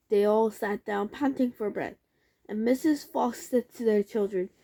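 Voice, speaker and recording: A woman reading a children's book aloud, slowly and carefully, with occasional slips and restarts. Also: medium pitch, dark tone. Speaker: reader.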